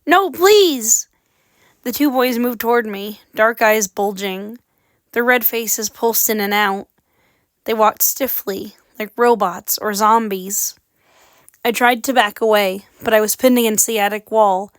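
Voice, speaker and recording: A woman's voice: medium pitch, fairly even intonation, measured pace, clear, resonant tone, dry recording. Woman reading a spooky story aloud. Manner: dramatic, suspenseful reading. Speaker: audiobook reader. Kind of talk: read-aloud horror story narration.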